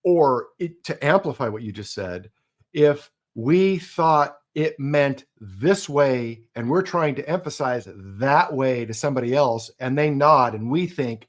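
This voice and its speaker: A man's voice: medium pitch, animated, unhurried. A man co-hosting a casual podcast, talking in long rambling stretches, restarting sentences and leaning hard on key words. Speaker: podcast co-host. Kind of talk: casual conversational podcast chat.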